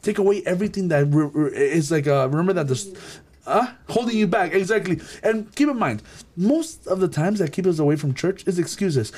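A man leading a group Bible study, preaching with animated energy, often repeating and restarting words. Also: high voice, a little fast.

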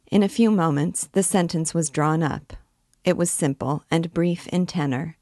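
Low-voiced woman reading a novel aloud. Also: no room sound, clean studio sound. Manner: measured, steady narration. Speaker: book reader, guide.

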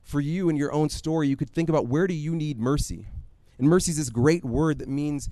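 Guy preaching, chatty and animated, tells stories, kinda high voice, no room echo. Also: brisk. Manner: conversational, animated storytelling with quoted asides. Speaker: pastor. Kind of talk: sermon.

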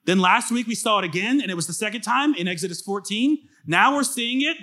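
A pastor preaching a sermon in a lively, conversational way, often asking the listeners questions. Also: male voice, sits high, fairly quick, hardly any pauses. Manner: casual fillers and restarts.

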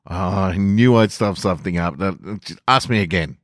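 A man's voice: sits low, moderate pace, no echo, clean studio sound, voice pushed up, close to an everyday voice. A man voicing a nervous, chatty young male apprentice wizard who rambles and apologizes. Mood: eager rambling.

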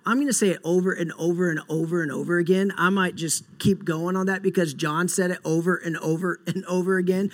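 A young man preaching a sermon earnestly, moving between soft, slow passages and loud, emphatic bursts. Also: sits high, fairly even intonation. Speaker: pastor.

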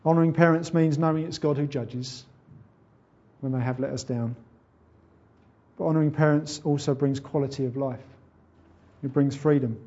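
A man's voice: fairly high pitch, fairly even intonation, normal speed, pauses often, mellow, dull audio. A man preaching a sermon in an earnest, conversational way. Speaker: pastor.

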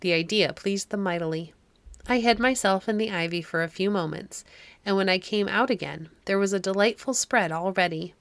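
A woman narrating a classic fairy-tale audiobook in a measured storytelling manner. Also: medium pitch, no room sound.

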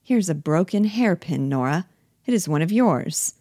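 A fussy, patronizing gentleman of a stage drama, brisk and proper in speech, as a woman reader gives him voice. The tone sits low and the sound is close and dry. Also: expressive, dry recording. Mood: puzzled. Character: Torvald Helmer, a genteel condescending husband.

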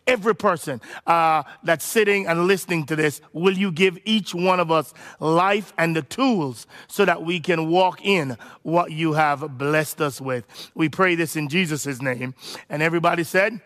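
A man preaching a sermon, animated and conversational, acting out the voices of his listeners. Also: on the high side, moderate pace. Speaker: pastor.

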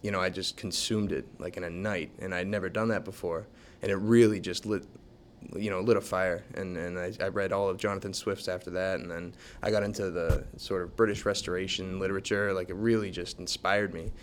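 A man who works as a special education teacher, talking in a relaxed, reflective way in an interview. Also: deep voice, a little fast, slight background noise. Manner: relaxed, reflective, many fillers. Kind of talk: casual interview talk.

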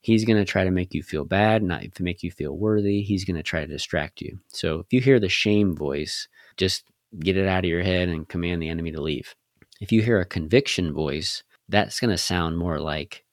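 A man's voice: sits low, normal speed, no echo, clean studio sound. A man co-hosting a faith podcast, earnestly coaching listeners through step-by-step challenges. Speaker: podcast co-host. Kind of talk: faith-based podcast teaching.

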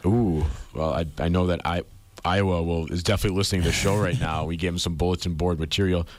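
A man's voice: low-pitched, fairly even intonation, quick pace, dry recording. A young man co-hosting a casual sports chat show, chatty and enthusiastic. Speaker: co-host.

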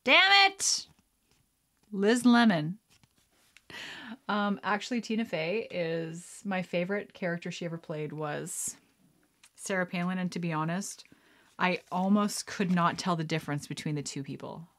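Speaking at a normal pace in a lowish voice, a woman vlogger chats casually over a trivia card game. She reads the questions out, mumbles her guesses, and laughs, excitedly squealing whenever she's correct.

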